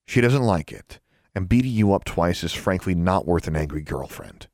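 A man's voice: sits low, big pitch swings, moderate pace, a little mellow, dry recording, studio quality. A man voicing a smug, condescending teenage boy wizard. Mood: flat.

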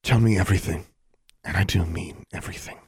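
Guy doing a stern cold lady dean, clipped and bossy, husky low voice. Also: fairly quick, darkish tone, no echo, studio quality, exaggerated voice. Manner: clipped and commanding.

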